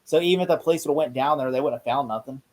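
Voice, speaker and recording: A podcast co-host retelling a movie scene in a casual review chat, rambling excitedly and laughing often. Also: medium pitch, rapid-fire.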